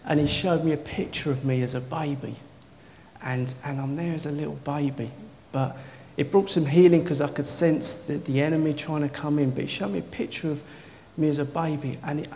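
A man preaching a sermon in a church, telling stories with swings from quiet to loud, wearing a mic. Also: fairly high pitch, moderate pace, gravelly. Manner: excitable storytelling, swinging from soft to loud. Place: church hall. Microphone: worn mic. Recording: echoey hall, faint noise.

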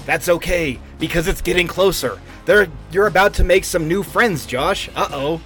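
A man's voice: high voice, moderate pace, fairly bright tone, faint music behind. A man running a comedic tabletop game as game master, narrating in a playful folksy storytelling voice. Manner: playful folksy storyteller voice, says it hurts his throat.

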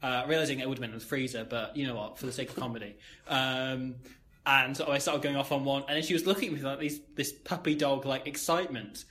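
A man's voice: medium pitch, steady tone, fast, a bit bright. A young man telling a long anecdote in casual chat, wry and self-mocking, with many fillers. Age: young adult. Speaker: podcast co-host telling a story.

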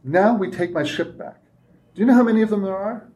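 A woman's voice: mid-range voice, a little fast, mellow, pitched above the performer's own voice, lightly acted. A man reading aloud and voicing a determined woman ship captain who speaks curt and urgent.

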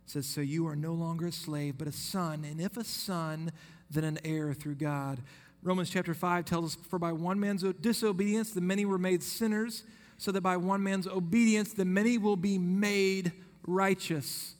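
A man's voice: sits high, steady tone, normal speed. A man, preaching a sermon and telling a personal story between scripture quotes. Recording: long reverb of a hall.

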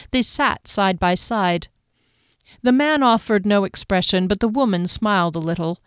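A woman narrating a fantasy audiobook in a measured, even storytelling manner, recorded on a close microphone. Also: mid-range voice, clear, resonant tone, dry recording.

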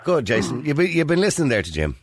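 An Irish man hosting a radio phone-in, brisk and steering the callers. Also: medium pitch, very animated, slight background noise. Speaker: radio host.

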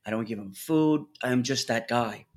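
Male talker, New York–New Jersey accent, animated storyteller, loose and profane. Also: medium pitch, normal speed. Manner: animated storyteller, swears freely. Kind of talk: casual storytelling chat.

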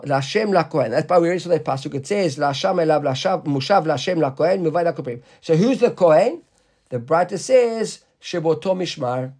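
A man teaching a Talmud class to students in the room, reading the Aramaic text slowly and then explaining it in English, often checking in with questions. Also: fairly high pitch, expressive, darkish tone.

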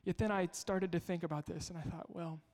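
A man's voice: high voice, steady tone, fairly quick, darkish tone. Man preaching in a reverberant hall. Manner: storytelling, conversational with rhetorical questions. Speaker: pastor. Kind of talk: sermon.

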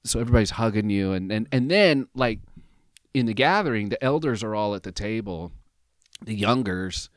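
Lower-voiced man in his fifties telling a story. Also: normal speed, no echo, studio quality. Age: 50s. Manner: animated, acts out other people's lines in raised voices; peppers his talk with "like" and "right?". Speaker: podcast guest. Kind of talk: personal storytelling in conversation.

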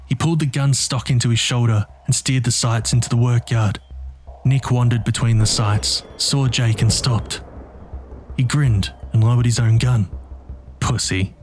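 A man narrating a dark story in a tense, measured, scripted delivery. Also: medium pitch, steady tone, soft background music.

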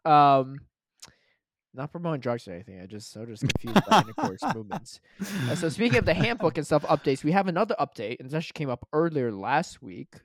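A man's voice: on the high side, sing-song, fast talker, dry recording. A young man co-hosting a casual podcast, teasing his co-host, laughing often and tagging his points with "right?". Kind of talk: casual chat.

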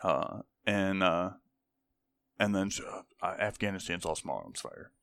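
Lowish-voiced young veteran telling war stories. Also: male voice, measured pace. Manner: animated, acts out the people he quotes, swears often. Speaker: army veteran guest. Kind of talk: casual storytelling.

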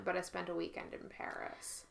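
Woman, casual chat, co-host, bright clear tone, laughs often. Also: lowish voice, sing-song, normal speed. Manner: laughs often while telling stories.

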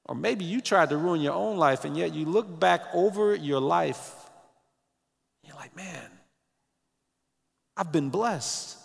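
A man preaching a sermon as pastor, animated, sometimes breaking into snatches of song, with his morning voice. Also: on the high side, normal speed, gravelly, big-room sound.

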